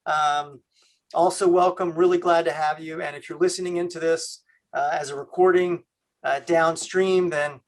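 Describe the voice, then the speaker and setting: A man from Canada hosting a video call, talking in a halting way with many fillers. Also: a little high. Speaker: host.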